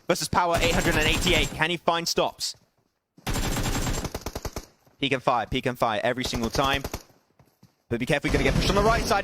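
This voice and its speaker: A young man casting an online shooter match alone, excitable, his voice jumping up on big plays and laughing at himself between calls. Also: sits high. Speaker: esports caster streaming solo. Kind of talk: live game commentary with chat asides.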